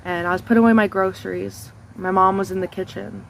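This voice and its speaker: A young woman speaks to her viewers in a confessional vlog, telling a painful personal story. Her voice sits at a middle pitch, and her way of talking is candid and raw, with blunt swearing. A faint hiss of background noise stays under her speech. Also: steady tone, fast, gravelly, low-quality recording. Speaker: vlogger.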